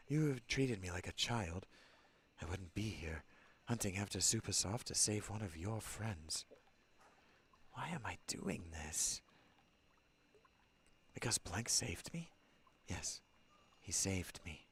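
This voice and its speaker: A man voicing an earnest, uncertain young princess in a soft, reflective way, in his own low voice. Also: measured pace, breathy edge, heavily acted. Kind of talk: reading game dialogue aloud.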